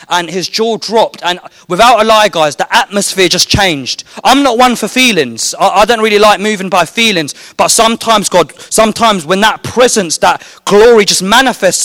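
A man's voice: sits high, a bit bright, no echo. A man, a street evangelist giving a fervent, rambling personal testimony full of fillers.

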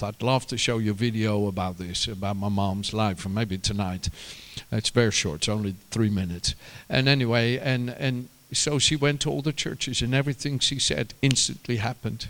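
A man preaching a sermon, telling stories with bursts of loud, rising emphasis and quieter asides. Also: medium pitch, fairly quick. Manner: animated storytelling, rises to shouts and drops to quiet asides.

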